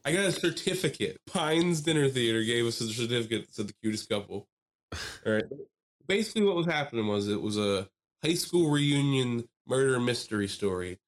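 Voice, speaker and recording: A man's voice: medium pitch, fairly quick. A man co-hosting a casual podcast, telling a long story with lots of laughter and acted-out voices. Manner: animated storyteller, acts out voices, laughs often. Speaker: podcast co-host.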